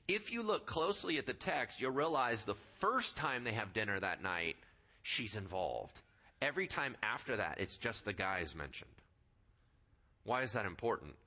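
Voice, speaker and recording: A man preaching a sermon in a conversational, animated way, acting out the people in the story. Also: medium pitch, breathy edge. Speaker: pastor.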